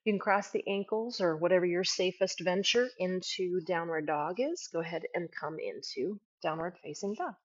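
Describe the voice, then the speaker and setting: A woman teaching a guided yoga class, giving calm step-by-step cues and often checking in with a quick "right?". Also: fairly low pitch, muffled recording.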